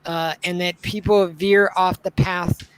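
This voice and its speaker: A man's voice: high voice, flat delivery, a little slow, clear, resonant tone, rough recording. A young man co-hosting a casual live-stream discussion, rambling with lots of filler words. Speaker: podcast co-host.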